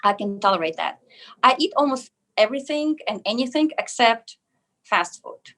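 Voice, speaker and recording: A woman from Russia with a Russian accent, a wellness clinic pharmacist answering interview questions earnestly, often pausing on "uh" and "um". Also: fairly high pitch, animated, fairly bright tone. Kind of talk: casual interview.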